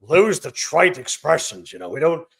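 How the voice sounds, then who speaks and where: A man imitating a blunt, critical older male wrestling boss in a slow, flat, dismissive way. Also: a little high, vocal fry, breathy edge, full character voice.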